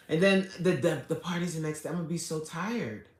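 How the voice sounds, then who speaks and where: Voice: mid-range voice, normal speed. An adult livestreamer chatting casually with viewers, greeting them by name and pleading for subscribers. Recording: echoey room.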